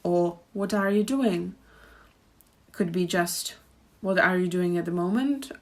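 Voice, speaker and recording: A woman with a Czech accent teaching pronunciation, speaking slowly and repeating each example phrase with care. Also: on the low side. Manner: slow, careful demonstrations with repeated example phrases. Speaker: language teacher. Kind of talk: pronunciation lesson. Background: birdsong and traffic outside.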